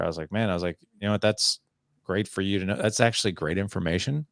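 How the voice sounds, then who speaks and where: Deep, gravelly man telling parenting stories. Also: quick pace, no room sound, studio quality. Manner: animated, acts out both sides of dialogues. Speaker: podcast guest, fatherhood coach. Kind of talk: conversational interview storytelling.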